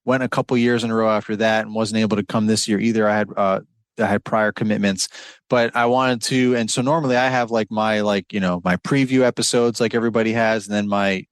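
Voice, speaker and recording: A man hosting a podcast in a casual, relaxed chat, encouraging and laughing often, with repeated words. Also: fairly low pitch, fast talker, clear, resonant tone, no echo. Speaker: podcast host.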